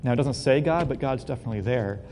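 A man telling a Bible story as a relaxed, casual lesson, full of fillers and joking asides. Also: fast talker. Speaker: Bible teacher. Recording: long hall reverb, faint rumble.

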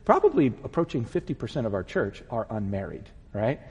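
Animated husky pastor preaching in a hall. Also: male voice, mid-range voice, a little fast. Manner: animated, acts out voices while telling a story. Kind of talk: sermon with storytelling.

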